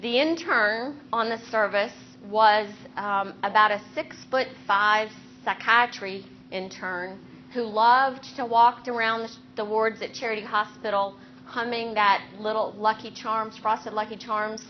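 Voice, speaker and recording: A woman neurosurgeon giving a faculty lecture on clinical teaching, explaining her approach in an earnest, steady way with personal anecdotes. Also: on the high side, a little slow, lo-fi sound, slight background noise.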